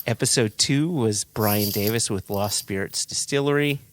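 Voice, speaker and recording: A man's voice: lowish voice, normal speed. A man co-hosting a podcast, teasing wryly in casual chat. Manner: wry, teasing. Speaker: podcast co-host.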